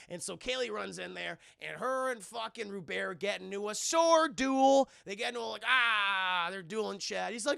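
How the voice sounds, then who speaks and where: Gravelly, bright-voiced male streamer. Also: high voice, normal speed, dry recording, studio quality. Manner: profane, animated, talks to his chat. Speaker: streamer reviewing a film. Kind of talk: casual live-stream movie commentary.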